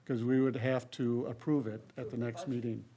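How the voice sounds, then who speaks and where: A man's voice: mid-range voice, level tone, normal speed, a crowd in the background. A man leading a city council workshop discussion, talking loosely and conversationally with many fillers. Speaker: city council presiding member.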